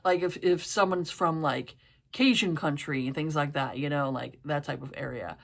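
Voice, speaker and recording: Low-voiced rambling woman. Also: moderate pace, creaky. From East Coast of the US, New York area. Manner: rambling, many fillers like "you know" and "like". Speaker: book and TV reviewer. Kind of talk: casual chat.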